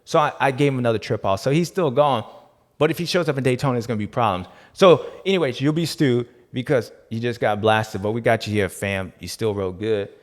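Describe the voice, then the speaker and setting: A playful man hosts a casual racing recap, his talk loose and full of slang. He jumps between loud bursts and low muttered asides. His voice sits at a middle pitch and rings with a long echo. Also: fairly quick. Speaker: podcast host. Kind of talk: casual race recap chat.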